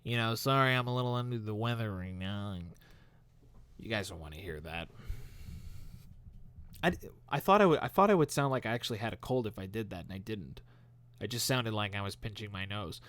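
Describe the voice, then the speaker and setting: This host's voice sits on the low side, animated and a bit bright, moving a little fast with frequent pauses and no room sound. He replies to viewer comments on his live stream through a studio mic, casual, cheerful and self-deprecating.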